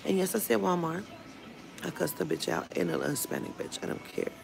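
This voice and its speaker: A woman with a low, gravelly voice rants bluntly to camera, swearing freely as she retells a run-in. Music plays clearly beneath her. The tone is casual and petty. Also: a little fast. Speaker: vlogger. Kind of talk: casual storytime rant. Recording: music playing under the voice.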